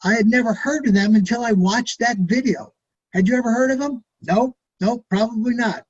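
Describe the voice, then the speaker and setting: A man's voice: extremely high pitch, moderate pace, slightly rough, highs cut off. A middle-aged man leading a direct sales training, folksy and urging, who acts out sample phone calls to friends.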